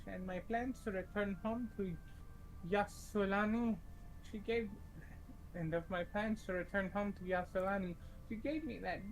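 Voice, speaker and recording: A man's voice: high-pitched, vocal fry, a little hiss or hum, voice pushed up, low-quality recording. A man doing a doddering old grandma. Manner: soft, pleading old-lady voice. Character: doddering old woman, gentle and grateful.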